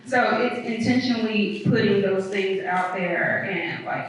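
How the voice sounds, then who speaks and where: A woman's voice: mid-range voice, measured pace, far from the mic, slight background noise. A woman from the American South, a footwear designer on a panel, answering students in an emphatic, unapologetic way with many fillers. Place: university hall before a live audience. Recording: echoey hall, mic from afar.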